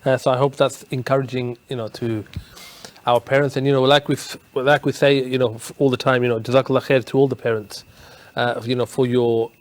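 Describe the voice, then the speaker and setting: A man's voice: mid-range voice, level tone, a little fast. A man presenting a live studio show, talking in long, rambling questions full of fillers and restarts.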